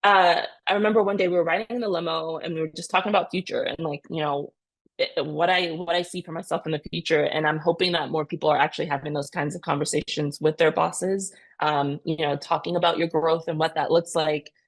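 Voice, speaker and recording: A woman in her thirties, a podcast guest telling her story with earnest, animated energy. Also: deep voice, brisk. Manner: earnest, animated retelling with many "you know" and "right?". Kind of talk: conversational interview storytelling.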